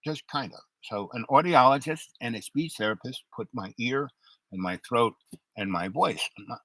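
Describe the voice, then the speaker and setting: An older man hosting his own talk show, talking in a rambling, halting way with many fillers. His voice sounds unusual because of an old throat injury. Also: medium pitch, bright, forceful tone, no echo, low-quality recording. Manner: halting, many fillers and restarts, stutters under strain. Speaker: show host. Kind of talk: rambling monologue.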